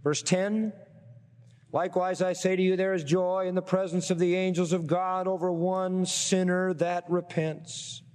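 High-voiced preaching man in a reverberant hall. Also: level tone, a little slow, darkish tone, clean tone. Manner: preaching with rhetorical questions and scripture reading. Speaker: pastor. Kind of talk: sermon.

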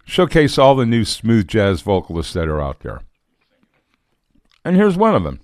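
A relaxed male radio DJ chats in a casual, easygoing way between tracks. His voice sits a little low but swings widely up and down in pitch. The sound is dry and close on a studio microphone. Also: moderate pace, no echo. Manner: laid-back, chatty, laughs at himself. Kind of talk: casual on-air chat.

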